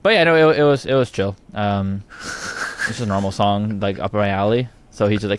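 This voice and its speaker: A young Canadian man with an Ontario accent, a guest singer chatting casually in an interview, relaxed and rambling, laughing often. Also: fairly low pitch, moderate pace, noisy background. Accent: Ontario English.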